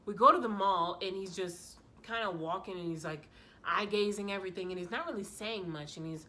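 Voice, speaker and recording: A woman vlogger telling a story in a casual, animated way, full of slang and sass. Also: medium pitch, brisk.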